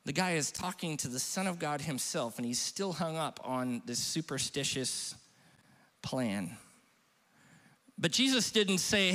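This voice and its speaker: A middle-aged man preaching in a church sanctuary, his voice pitched a little high for a man. The long reverb of the large hall trails after his words. He talks casually and mocks himself as he tells a story. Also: animated, unhurried, sharp tone. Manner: conversational, self-mocking, chatty with the congregation. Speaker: pastor. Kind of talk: humorous storytelling sermon.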